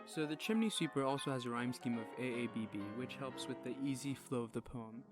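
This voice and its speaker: A man's voice: medium pitch, fairly quick, music in the background. A young man reading a poem aloud and then explaining it in an earnest, explanatory way, with loose fillers. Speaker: student presenter. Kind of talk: poem recital and literary analysis.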